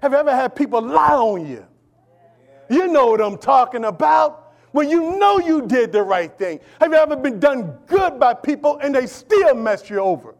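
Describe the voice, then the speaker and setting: High-voiced preacher calling out to his church. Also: very animated, moderate pace. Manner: preaching with call-and-response, swings between shouting and near-whisper. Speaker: pastor. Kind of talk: sermon.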